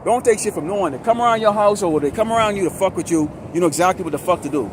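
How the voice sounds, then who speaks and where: A high-pitched male voice delivers a heated, profane street sermon straight to the camera. He rants rather than speaks calmly. Steady traffic noise from the road around him is heard clearly in the outdoor recording. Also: racing. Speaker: street preacher.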